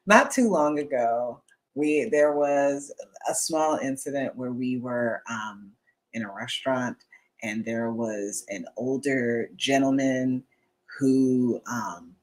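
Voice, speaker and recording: A woman's voice: very deep voice, poor audio. A woman, a guest writer, telling a funny story in a panel chat and laughing as she goes. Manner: lively, laughing retelling.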